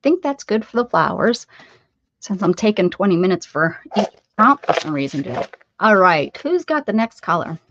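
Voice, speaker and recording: A woman's voice: mid-range voice, sing-song, moderate pace, a bit bright. A woman hosting an art livestream, chatting casually and muttering to herself while she crafts. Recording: dull lo-fi audio with faint noise.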